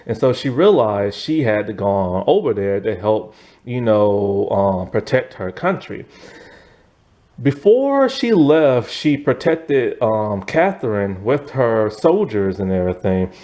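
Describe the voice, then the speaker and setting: Chatty man with lively, swooping pitch. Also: takes it slowly. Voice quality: chatty, filler-heavy, meandering, with "like" and "you know". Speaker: TV review vlogger. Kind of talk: casual chat.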